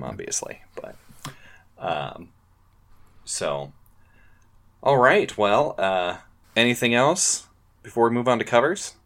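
A man's voice: medium pitch, sing-song, takes it slowly, pauses often, a bit bright. A man in his thirties hosting a casual podcast chat, laid-back and often trailing off with fillers. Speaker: podcast host.

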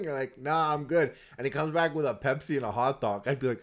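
A man co-hosting a casual podcast chat, animated and often laughing, swearing freely and acting out little scenes. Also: mid-range voice, normal speed. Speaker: podcast co-host.

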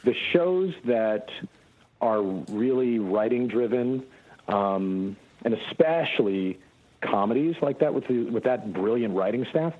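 A man speaking as a voice actor guest, telling stories in a relaxed, casual way. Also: mid-range voice, unhurried, narrow, tinny audio. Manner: relaxed storytelling, animated. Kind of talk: casual interview answers.

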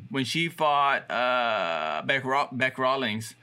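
A man's voice: mid-range voice, expressive, slow, pushed and bright, clear, resonant tone. A man co-hosting a podcast, telling stories in a rambling way full of fillers. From Los Angeles. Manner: rambling, filler-heavy storytelling. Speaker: podcast co-host. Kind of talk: casual chat.

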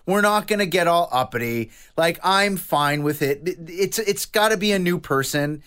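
A man in casual chat, animated and openly emotional, swearing casually. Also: high-pitched, moderate pace, clean tone.

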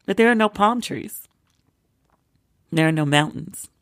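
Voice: mid-range voice, expressive, measured pace, fairly bright tone, dry recording, studio quality. A vlogger from Maryland, sick with a cold, chatting casually and acting out what people said. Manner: chatty storyteller, acts out quoted lines.

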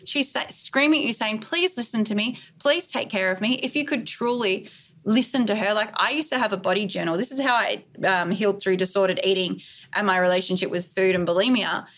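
Brief: woman guest on an interview podcast, earnest and emphatic, medium pitch. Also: brisk, a bit bright. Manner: earnest, emphatic, list-like delivery. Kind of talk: candid interview conversation.

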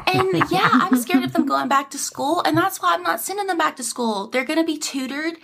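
A woman's voice: extremely high pitch, a little fast, gravelly, heavy background noise, voice pushed up. A woman playing an entitled, ditzy governor's daughter and young mom, in a comedy sketch. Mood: sugary. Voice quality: sugary, ditzy, oblivious.

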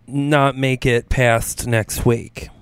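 A man's voice: medium pitch, flat delivery, very slow, clean tone, no echo. A man in his thirties co-hosting a casual chat, gossipy and acting out quotes. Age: 30s. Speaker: podcast co-host.

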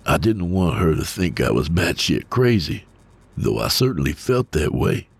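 A man giving a steady, measured first-person reading of a scripted horror story. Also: low-pitched, gravelly, slightly rough. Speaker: narrator.

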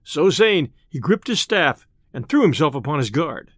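A man narrating a storybook tale in an expressive, old-style storytelling manner. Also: on the high side, normal speed, dry recording, studio quality.

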